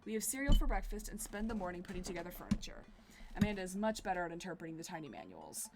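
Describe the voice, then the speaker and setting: A woman's voice: lowish voice, fast talker, very noisy. A woman streaming a dating game, reading it aloud with wry, chatty commentary. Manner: wry, chatty, deadpan asides.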